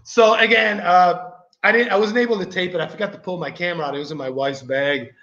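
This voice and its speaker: A man's voice: high voice, steady tone, fast talker, pushed and bright. A man hosting a vlog, telling a rambling story to his viewers in a casual, chatty way. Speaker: vlogger host. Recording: echoey, slightly dull recording.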